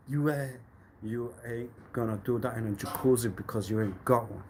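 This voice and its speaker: A man streaming live, talking to himself in a loose, cryptic ramble. His voice sits in a middle pitch, dropping to quiet mutters and then jumping into loud, emphatic outbursts. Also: measured pace, a little hiss or hum. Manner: rambling and cryptic, swinging between low mutters and loud bursts.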